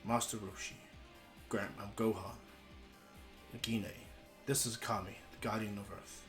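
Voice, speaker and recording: A man voicing a gentle old male guardian deity, speaking lower, slow and measured. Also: flat delivery, faint music behind. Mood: solemn.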